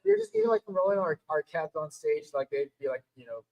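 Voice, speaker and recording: A man in a band, a guest on an interview show, chiming in with short remarks and halting tour stories full of "like.". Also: fairly high pitch, huge pitch swings, vocal fry, a little mellow, dull audio. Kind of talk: casual chat. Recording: voice sits back from the mic.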